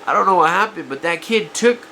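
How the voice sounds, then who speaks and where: A man's voice: sits high, expressive, a little fast, sharp tone, slight background noise. A man vlogger telling stories from his past in a casual, confessional way, regretful and self-critical, often calling his viewers guys, his voice a bit off from allergies. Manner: keeps addressing viewers as guys, many you-knows. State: voice affected by allergies.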